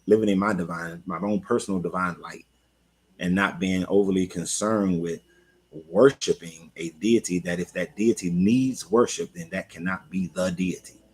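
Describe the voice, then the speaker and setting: A man's voice: deep voice, a little mellow, husky. A man hosting a live stream, reading scripture and commenting on it in a loose, rambling way, breaking off to greet viewers by name. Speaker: spiritual coach and host.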